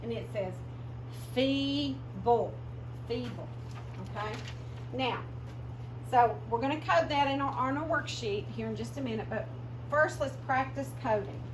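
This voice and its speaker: A woman teaching a phonics lesson and carefully sounding out words for her students. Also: on the high side. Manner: slow, drawn-out modeling of sounds, addresses students as guys. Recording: echoey room, mic at a distance, noisy with hum.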